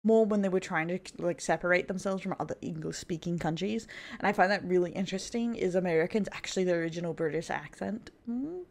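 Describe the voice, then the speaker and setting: A woman from Australia chatting casually as a vtuber reacting to memes, laughing often and trailing off softly. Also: lowish voice, fast talker, vocal fry.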